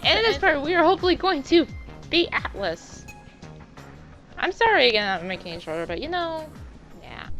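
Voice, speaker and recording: A woman's voice: medium pitch, fairly bright tone. A young woman giving casual, chatty let's-play commentary, self-deprecating and full of exclamations. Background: game music.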